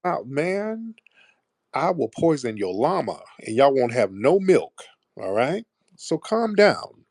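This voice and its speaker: A man's voice: mid-range voice, sing-song, takes it slowly, a little mellow, no room sound, clean studio sound. A man hosting a heated call-in debate, mocking and combative, talking over his caller. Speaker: host.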